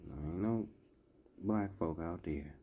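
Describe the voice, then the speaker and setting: Slow, low-voiced sarcastic man. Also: warm tone, a little hiss or hum. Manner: sarcastic asides with chuckles. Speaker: commentator. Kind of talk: casual commentary reading out a list.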